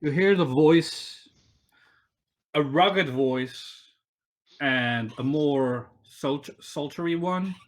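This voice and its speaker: A man's voice: fairly high pitch, very slow. A man running a tabletop game over a voice call, narrating loosely with many fillers and restarts. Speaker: game master. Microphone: online voice call.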